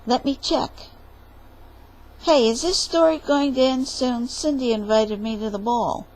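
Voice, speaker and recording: A woman's voice: fairly high pitch, steady tone, a little slow, darkish tone, voice pushed up, poor audio. A woman doing a whiny cheeky young man. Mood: chatty. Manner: whiny, sassy, talks back.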